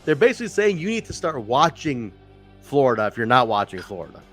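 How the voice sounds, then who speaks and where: A man's voice: mid-range voice, very animated, fast, a bit bright, faint music behind. A man co-hosting a podcast, chatting casually and animatedly, joking and swearing now and then. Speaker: podcast co-host. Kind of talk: casual chat reviewing wrestling shows.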